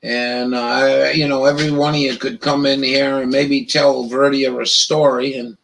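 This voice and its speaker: A man hosting a casual live stream, rambling in a profane, halting way with lots of restarts. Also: medium pitch, level tone, gravelly, fairly bright tone, slight background noise, low-quality recording.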